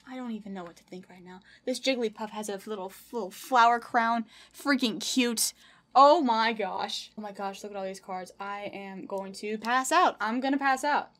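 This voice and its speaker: Bright, gushing young woman streamer. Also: a little high, moderate pace. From United States. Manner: gushing, squealing with delight, reads fan letters aloud. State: emotional, close to tears. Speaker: streamer opening fan mail. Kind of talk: casual excited unboxing vlog.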